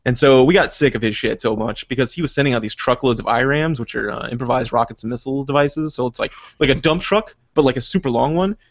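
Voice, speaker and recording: A man rattles off stories at a brisk clip, cursing freely and trailing off into asides. The sound is dry and close, with a slightly dull, lo-fi mic. It feels like casual podcast chat. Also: medium pitch, dry recording. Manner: rambling, profane, laughs through his stories. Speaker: podcast co-host, army veteran.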